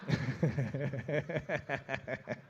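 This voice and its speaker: A man's voice: mid-range voice, extremely slow, creaky, husky, dull audio. A man doing a stand-up routine on a comedy club stage, brash and sweary as he rambles through stories.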